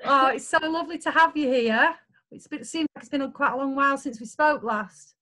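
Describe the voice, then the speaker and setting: A chatty woman with a Manchester accent hosts a relaxed video call, her voice high and bright. She talks easily and welcomes her guests. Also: a little fast. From North Manchester, England. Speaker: co-host. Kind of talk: casual video call chat.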